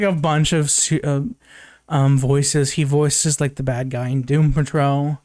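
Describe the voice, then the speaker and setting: A young man recaps a film in a loose, rambling live review, leaning on "like" and "um" and swearing freely. His voice sits a little high, and it sounds close and dry with no room sound. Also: darkish tone, no room sound. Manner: rambling plot recap, lots of fillers and swearing. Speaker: movie reviewer. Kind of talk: casual live movie review.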